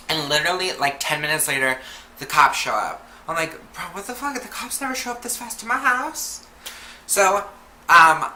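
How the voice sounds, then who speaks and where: A woman's voice: very deep voice, bright, forceful tone. A young woman telling a casual storytime on her vlog, chatty and full of "like" and swearing. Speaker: vlogger. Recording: roomy echo, faint background noise.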